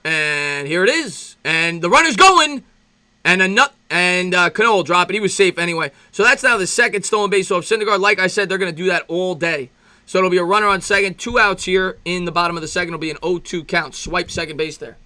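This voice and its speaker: Man, high voice, bright tone, fan play-by-play, chatty, rambling, excitable. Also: fairly quick. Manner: chatty, rambling asides to viewers between pitches; excitable, voice jumps up when reminiscing. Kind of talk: amateur play-by-play commentary with reaction.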